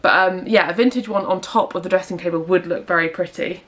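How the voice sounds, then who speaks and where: A woman's voice: lowish voice, fast talker. A young woman chatting casually to camera at home, rambling with fillers. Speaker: vlogger. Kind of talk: casual vlog chat. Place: home indoors.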